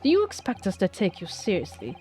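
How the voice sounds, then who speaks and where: A woman's voice: medium pitch, huge pitch swings, a little fast, a little mellow. A woman voicing a haughty, scornful aristocratic male prosecutor in a pompous, disdainful manner, with faint music playing behind.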